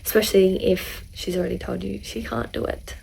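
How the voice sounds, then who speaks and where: A woman hosting, reacting to clips with measured, exasperated comments. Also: medium pitch, level tone, vocal fry, darkish tone, a little hiss or hum, poor audio.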